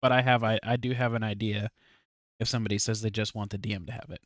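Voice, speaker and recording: A man's voice: fairly low pitch, little pitch movement, fast, a bit bright, dry recording, studio quality. A man chatting casually as a tabletop game master, rambling and hesitant, often breaking into laughter. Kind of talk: casual podcast chat.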